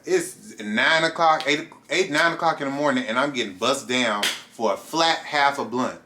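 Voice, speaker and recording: A bright, forward-sounding young man in his twenties tells a casual storytime to camera. He talks straight to his viewers and keeps it animated, leaping up into high voices whenever he quotes someone. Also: moderate pace, slight background noise. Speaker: vlogger.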